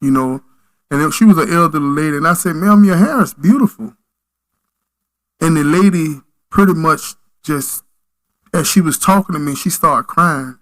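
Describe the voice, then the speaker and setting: A man's voice: a little high, normal speed, a bit bright, poor audio. A man as a podcast guest, telling stories in an earnest, preacherly way. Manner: earnest, preacherly, emphatic storytelling. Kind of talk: storytelling in conversation.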